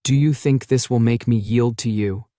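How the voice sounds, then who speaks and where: A man's voice: medium pitch, moderate pace, no echo, clean studio sound, lightly acted. A man voicing an arrogant, venomous young woman who speaks with scorn. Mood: scornful, furious. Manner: scornful, shouting.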